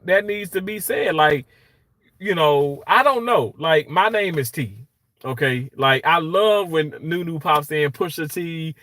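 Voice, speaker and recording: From his hospital workplace, a man hosts a casual livestream, reading viewer comments aloud and greeting people by name while rambling chattily with plenty of fillers. His voice is a little high and a bit bright, with lively intonation and a measured pace. There's no echo.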